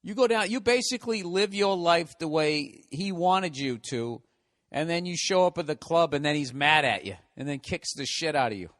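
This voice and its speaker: A man in a comedic rant, swearing freely and sounding thoroughly fed up. His voice sits somewhat high for a man. He builds his points with exasperated asides. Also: normal speed, fairly bright tone. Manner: profane, exasperated ranting.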